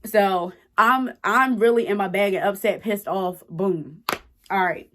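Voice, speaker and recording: In this slightly noisy clip, a storytime vlogger in her twenties tells her viewers a personal story straight to camera. Her mid-range voice moves at a measured pace, and her delivery is blunt, emphatic and full of profanity.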